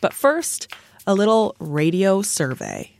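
A woman's voice: medium pitch, huge pitch swings, slow, vocal fry, darkish tone. A woman from Newfoundland and Labrador hosting a podcast, narrating and asking passers-by friendly questions. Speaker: podcast host. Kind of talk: documentary podcast narration and street interviews.

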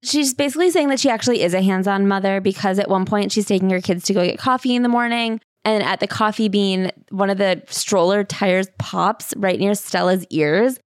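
A woman's voice: mid-range voice, brisk, few pauses, no echo. A young adult woman co-hosting a podcast, wryly recapping and reading book passages aloud. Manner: wry, incredulous, reads passages aloud. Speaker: podcast co-host. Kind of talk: casual comedic recap chat.

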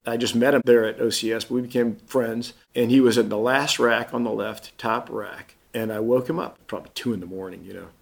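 A man's voice: mid-range voice, steady tone, a little fast, creaky, hardly any pauses. A man in his fifties, a guest on an interview, telling his story in a casual way and acting out the voices of the people in it.

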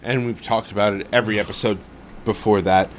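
A man's voice: fairly low pitch, fairly even intonation, brisk, a little hiss or hum. A man co-hosting a podcast in casual chat, easygoing and agreeable. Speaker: podcast co-host.

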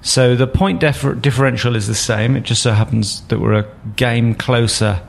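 A man's voice: mid-range voice, fairly even intonation, moderate pace, gravelly, a little hiss or hum. A man hosting a casual sports podcast, steering the chat with dry joking asides. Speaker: podcast host.

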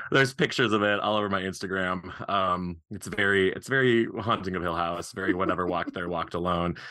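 A man in his forties from eastern Montana, a guest on a casual podcast, telling stories in a lively way and laughing often. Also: low-pitched, moderate pace, few pauses, no echo, studio quality. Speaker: guest author.

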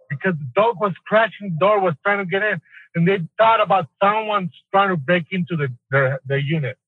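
A man testifying in a recorded deposition, rambling and exasperated, with halting restarts. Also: high-pitched, dry recording, narrow, tinny audio. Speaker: building concierge testifying in a deposition.

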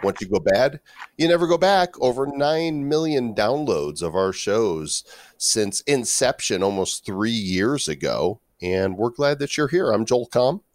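A man co-hosting a casual crypto podcast, playful and reading out prices in a quick run. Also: medium pitch, animated, dry recording, clean studio sound. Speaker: podcast co-host.

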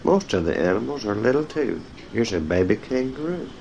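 A man's voice: on the low side, very animated, a little fast, gravelly, darkish tone, slight background noise, low-quality recording. A man reading children's picture-book stories aloud, speaking directly to young listeners and telling them when to turn the page. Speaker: storyteller.

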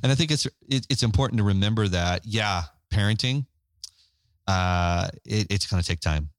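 A man's voice: on the low side, moderate pace, no echo, clean studio sound. A man co-hosting a parenting podcast with his wife, chatting casually, acting out the dialogue in his anecdotes and chuckling between points. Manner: animated storyteller who acts out quoted dialogue. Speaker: co-host of a Christian parenting podcast.

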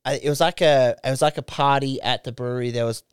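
A man's voice: mid-range voice, fairly even intonation, fast talker, clean tone, dry recording, studio quality. A young man co-hosting a podcast, telling a story in laid-back, heavily sworn casual banter. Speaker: podcast co-host.

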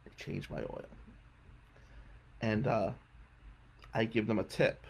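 A male radio host telling a comic story in a casual way, often clearing his throat and chuckling as he goes. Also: on the low side, fairly even intonation, slow pace.

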